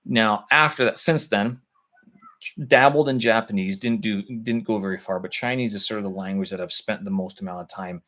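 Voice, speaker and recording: A man on a live stream, thinking aloud with halting speech as he explains language points to his viewers. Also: on the low side, fairly bright tone. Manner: halting, searching for words with many pauses.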